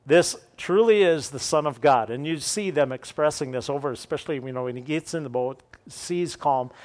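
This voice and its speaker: A man's voice: fairly high pitch, animated, moderate pace. A man preaching a sermon, explaining scripture and reading it aloud with dramatic lifts for the quoted voices, often repeating key phrases.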